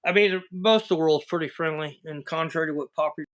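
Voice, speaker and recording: A man's voice: fairly high pitch, fast talker, fairly bright tone. Folksy Southern man on a livestream. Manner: rambling, folksy storytelling. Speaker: livestream host. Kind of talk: casual chat.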